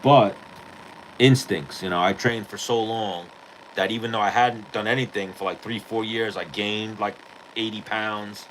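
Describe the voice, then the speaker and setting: A man hosting a podcast, telling a rough story in a low, forceful, bright voice. He is profane and animated, with a faint hiss of noise behind him. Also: measured pace, low-quality recording. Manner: profane, animated retelling of a street fight. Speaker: podcast host. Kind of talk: casual storytelling.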